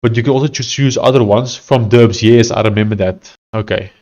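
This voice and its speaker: Talking a little fast at medium pitch with a darkish tone, a South African streamer codes and chats casually. This software developer thinks aloud, sounds hesitant, and often starts his sentences over.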